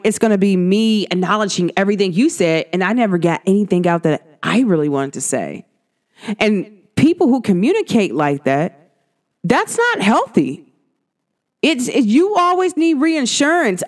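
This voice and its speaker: A woman talking casually to her viewers about astrology, slangy and direct. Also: mid-range voice. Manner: animated, slangy, talks straight to viewers. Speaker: astrology vlogger. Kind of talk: casual talk to camera.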